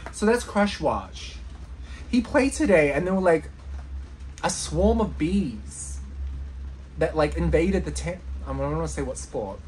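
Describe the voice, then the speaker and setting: A woman vlogger chatting casually, enthusiastic and excitable, giggling often. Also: fairly low pitch, unhurried, a little hiss or hum. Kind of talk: casual vlog chat.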